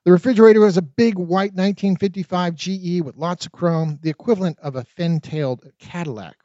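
A man narrating his own memoir in an expressive, dramatic audiobook reading. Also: high voice, fairly quick, dry recording. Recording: dull, lo-fi dry recording.

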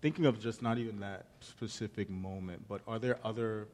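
Measured low-voiced male interviewer. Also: steady tone, darkish tone. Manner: measured, hesitant with fillers. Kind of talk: thoughtful interview questions.

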